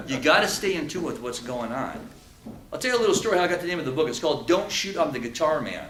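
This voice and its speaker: An animated man tells stories to a live audience, his pitch swinging widely as he acts out threats. He sounds a little far from the microphone in an echoey room. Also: quick pace. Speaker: speaker. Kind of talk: motivational talk to an audience.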